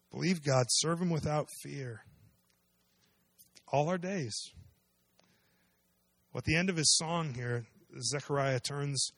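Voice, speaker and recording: A man's voice: medium pitch, a bit bright, no echo. A man preaching a sermon, explaining a scripture passage in a conversational way and asking his listeners questions. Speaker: pastor.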